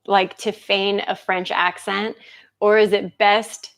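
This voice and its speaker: Woman instructor, casual class chat, unhurried, laughs a lot, mid pitch. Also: little pitch movement, fairly bright tone. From United States. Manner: chatty, laughs often, greets viewers by name.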